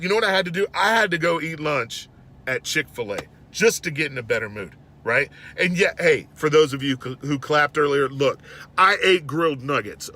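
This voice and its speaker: A bright-voiced man tells a story to his viewers. His delivery is animated and exasperated, and his voice climbs high when he gets worked up. The tone is fairly high and forceful for a man. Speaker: host. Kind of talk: storytelling monologue.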